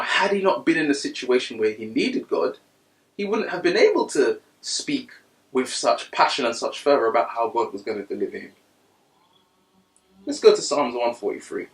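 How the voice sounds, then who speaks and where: Man preaching a sermon in an echoey room. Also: distant mic. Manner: swings from quiet reading to loud, high-pitched preaching bursts. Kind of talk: sermon with scripture reading.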